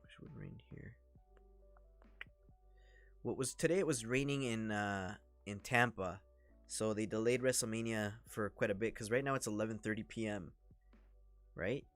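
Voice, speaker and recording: A man with a Toronto accent, giving chatty, excitable commentary during a wrestling watch-along livestream. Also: on the low side, moderate pace, long pauses, soft background music. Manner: chatty, excitable, reacts to the action. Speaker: livestream host.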